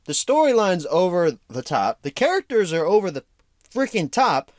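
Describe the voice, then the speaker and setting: Animated young man reviewing a comedy. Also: high-pitched, normal speed, no echo, clean studio sound. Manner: animated, laughs often, acts out quotes. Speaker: movie reviewer. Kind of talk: casual solo movie review.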